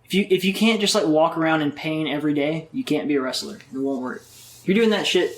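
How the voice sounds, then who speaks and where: A man's voice: fairly high pitch, brisk, roomy sound. A man chatting as a podcast guest, telling rambling stories full of swearing. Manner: profane, rambling storyteller. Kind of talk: casual interview chat.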